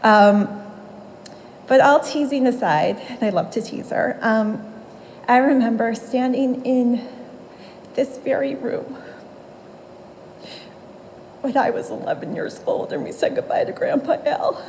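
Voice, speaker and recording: A woman's voice: on the high side, measured pace, pauses often, a little mellow, a little hiss or hum, low-quality recording. A woman in her forties giving a eulogy for her grandmother in a funeral home room, telling fond stories and laughing between memories.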